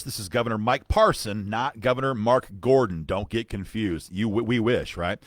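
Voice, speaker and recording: A man's voice: on the low side, moderate pace, hardly any pauses, no room sound, studio quality. A man hosting a live-streamed political commentary, fired up and emphatic, repeating phrases for punch and making asides to viewers while reading documents. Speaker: gun-rights advocacy host.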